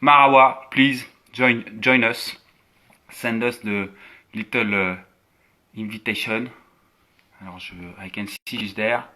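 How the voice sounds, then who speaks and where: A man with a French accent, a native French speaker, hosting a live online interview over a video call, halting and repeating his words. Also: medium pitch, steady tone, sharp tone. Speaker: host.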